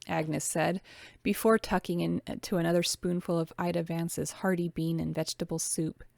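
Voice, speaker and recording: A woman reading a novel aloud as an amateur audiobook narrator, calm and steady, with casual asides. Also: lowish voice, normal speed, gravelly, no room sound, studio quality.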